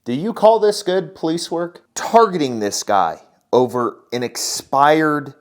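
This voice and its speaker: A man's voice: on the high side, expressive, a little slow. A man hosting a profane political commentary, blunt and mocking. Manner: blunt, swearing, mocking impressions. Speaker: host.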